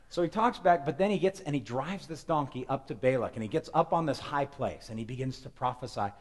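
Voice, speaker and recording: A male pastor preaching a lively storytelling sermon, moving between loud emphasis and hushed moments. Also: medium pitch, fairly quick, hardly any pauses. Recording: long hall reverb.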